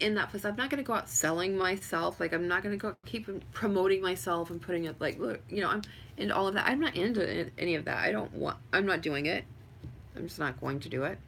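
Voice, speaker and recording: Bright-voiced chatty woman on a livestream. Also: fairly low pitch, a little hiss or hum. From Hobbs, New Mexico. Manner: rambling, chatty, filler-heavy; answers viewer questions with frequent laughs. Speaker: vlogger. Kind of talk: casual livestream chat. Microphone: webcam or phone livestream.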